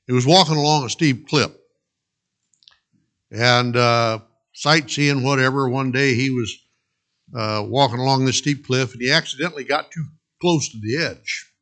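A man's voice: medium pitch, moderate pace, pauses often, fairly bright tone. A man preaching a sermon, earnestly exhorting the congregation and telling a parable. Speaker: pastor.

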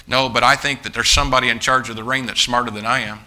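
Forceful, bright-voiced male preacher. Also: medium pitch, steady tone, fast talker. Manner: emphatic preaching, often restarting phrases and calling out to the congregation as folks. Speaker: pastor. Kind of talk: sermon.

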